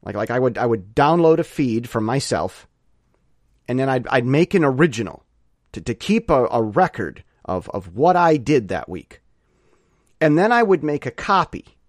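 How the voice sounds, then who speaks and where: Chatty man with a lively, bouncing voice. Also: medium pitch, moderate pace, no echo, studio quality. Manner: digressive, self-correcting, jokey asides. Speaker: website owner giving a weekly update. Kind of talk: casual rambling monologue.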